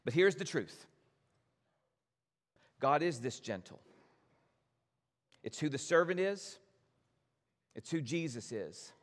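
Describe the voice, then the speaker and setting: A man preaching a sermon as pastor, gentle and earnest, addressing his congregation directly. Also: on the high side, very animated, takes it slowly, pauses often, long reverb tail.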